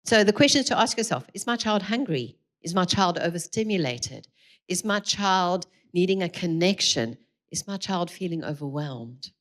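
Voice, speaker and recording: Middle-aged woman, fairly low pitch, warm and animated speaker for a live parenting talk. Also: moderate pace. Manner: lively, acts out quoted dialogue, laughs often. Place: church hall.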